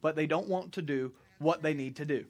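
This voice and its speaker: A pastor preaching to a congregation in church, animated and joking, sometimes shouting. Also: male voice, on the high side, brisk. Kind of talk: sermon.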